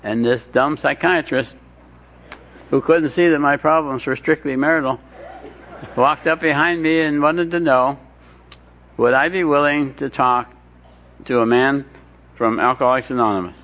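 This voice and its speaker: A man's voice: medium pitch, normal speed, long pauses, a bit bright. A man telling his recovery story with wry, self-deprecating humor, often stumbling and restarting his sentences. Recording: dull lo-fi recording with faint hiss.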